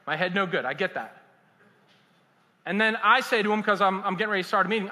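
Animated high-voiced male pastor. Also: fast, pauses often. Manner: animated, conversational, humorous. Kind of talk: sermon. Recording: echoey hall.

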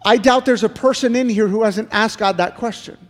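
A man's voice: sits high, fairly quick, big-room sound. A middle-aged male pastor giving an earnest sermon, full of repeated pleading questions. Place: church sanctuary.

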